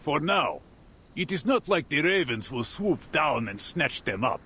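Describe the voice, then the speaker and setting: A man voicing a stern male soldier officer who barks orders at his troops in a gruff, commanding manner. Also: fairly high pitch, big pitch swings, unhurried, bright, forceful tone, slight background noise, heavily acted.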